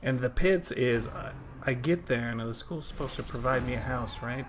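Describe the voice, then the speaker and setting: A game streamer in his 30s gives rambly, conversational play-by-play on a livestream, chatting and reading out the chat as he goes. His voice is medium-pitched at a moderate pace, with background noise in the recording.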